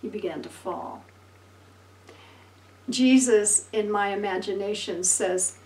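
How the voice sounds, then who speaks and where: A woman pastor preaching a sermon, telling Bible stories with lively acted-out voices and laughter. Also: medium pitch, takes it slowly, long pauses, roomy sound, distant mic, poor audio. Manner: animated storytelling, acting out voices and laughing.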